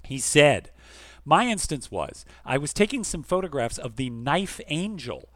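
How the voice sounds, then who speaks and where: A man co-hosting a podcast, reading listener emails aloud expressively and going quiet and soft for the serious ones. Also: unhurried, no room sound. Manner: expressive reader, dropping soft and low for serious letters. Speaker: podcast co-host.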